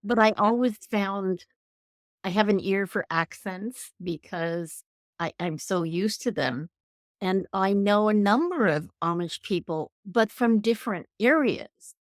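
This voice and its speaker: In a mid-range voice, a little slow, a Canadian-accented woman hosts a podcast interview in a conversational way, effusive and thoughtful as she muses aloud. The recording is dry and studio quality.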